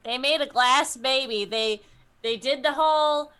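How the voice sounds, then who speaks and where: A woman's voice: high-pitched, a little slow, pushed and bright, clear, resonant tone. A woman player in a tabletop game, wry and teasing. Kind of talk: casual tabletop role-play.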